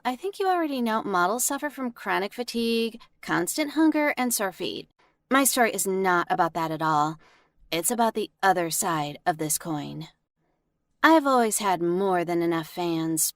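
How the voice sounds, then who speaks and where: Young model narrating her animated story, calm, confiding, dry close sound. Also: medium pitch, no room sound. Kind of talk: scripted narration.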